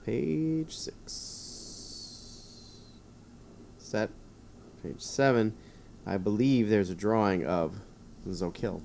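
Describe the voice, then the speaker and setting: A man's voice: on the low side, extremely slow, vocal fry, pauses often, dark tone, a little hiss or hum. A man streaming live, reading a choose-your-own-adventure book aloud with rambling, self-mocking asides.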